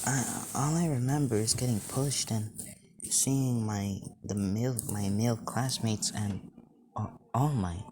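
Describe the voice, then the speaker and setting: A man's voice: on the low side, measured pace, noisy background, lightly acted. A man voicing a timid, stammering teenage boy in a retold fan story. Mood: nervous. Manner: stuttering, nervous.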